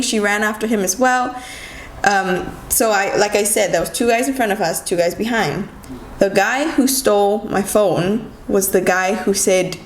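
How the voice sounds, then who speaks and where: Animated woman vlogger telling a story. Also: mid-range voice. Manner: animated, quick storytelling with many "like" fillers. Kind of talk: casual storytime vlog. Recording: echoey room with faint ambient noise.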